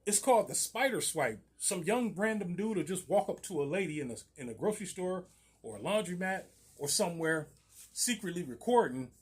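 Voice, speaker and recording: Husky man telling a story with laughs. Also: high-pitched, expressive, brisk. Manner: laughs often, loose slangy storytelling. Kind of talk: casual storytime vlog.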